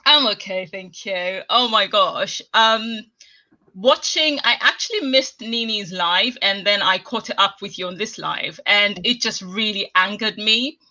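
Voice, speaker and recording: Bright-voiced emphatic woman. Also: medium pitch, a little slow, lo-fi sound. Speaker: guest commentator. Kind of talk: casual live-stream chat.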